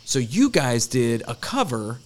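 A man's voice: mid-range voice, sing-song, a little slow, a little mellow. A man hosting a podcast, easygoing and casual, stumbling over restarts and calling his guest dude. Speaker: podcast host.

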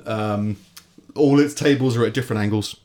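A man's voice: lowish voice, normal speed, darkish tone. An English man co-hosting a podcast in casual chat, sardonic and rambling, often trailing off into mumbles. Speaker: podcast co-host.

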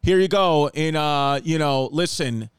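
High-voiced joking man, dry sound. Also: measured pace, clear, resonant tone, no echo. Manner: rambling, joking, animated. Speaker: podcast host. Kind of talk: casual comedic chat. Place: home apartment.

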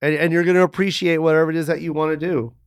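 Man, comedian guest, animated swearing storyteller, higher voice, dry close sound. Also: racing, clean tone, no room sound. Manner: animated, profane, rambling storytelling. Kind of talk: casual interview chat.

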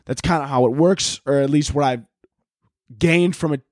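A young man hosting a casual solo podcast, rambling and swearing constantly, and jumping into loud, high-pitched voices when he quotes people. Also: moderate pace, no room sound, studio quality. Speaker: podcast host.

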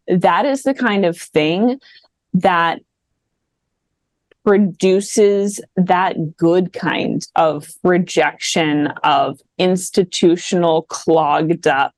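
A woman's voice: fairly low pitch, no room sound. A woman speaking as a podcast guest in casual chat, thoughtful and academic in how she talks.

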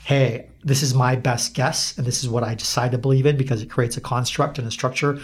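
A man talking in a relaxed, reflective way on a podcast. He laughs easily and swears casually. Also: medium pitch, brisk, slightly rough.

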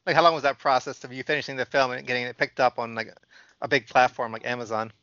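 A man interviewing a guest in a casual chat, asking relaxed questions. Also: medium pitch, fast, slight background noise. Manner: relaxed questioning, laughing along. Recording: dry, slightly dull sound.

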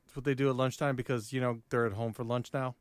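A man's voice: medium pitch, level tone, quick pace, clear, resonant tone, dry recording. A man co-hosting a podcast in casual chat, easygoing and amused. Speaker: podcast co-host.

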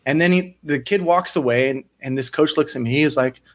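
A man's voice: fairly high pitch, brisk. A man in his thirties, a sports psychology coach, telling stories in a casual interview and acting out the people he quotes. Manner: animated, acts out quoted voices, frequent restarts.

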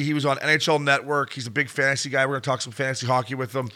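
A man's voice: medium pitch, fairly even intonation, racing, hardly any pauses, bright, forceful tone. A man co-hosting a podcast, chatting casually and hyping up sponsors and guests in an upbeat way. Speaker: podcast co-host. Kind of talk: casual chat.

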